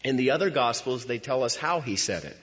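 A man preaching a sermon as pastor in a church, moving between hushed lines and loud cries. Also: mid-range voice, expressive, a little fast. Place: church sanctuary. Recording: dull sound with long hall reverb.

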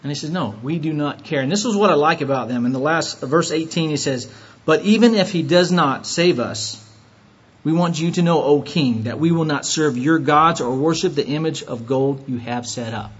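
A man preaching a sermon, retelling scripture with lively rhetorical questions to his listeners. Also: fairly high pitch, moderate pace, husky, muffled recording. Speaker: pastor.

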